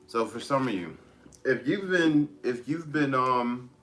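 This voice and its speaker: A man giving a casual tarot reading, rambling with many restarts as he gently advises his listeners. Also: mid-range voice, lively intonation, a little slow, soft background music. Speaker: tarot reader.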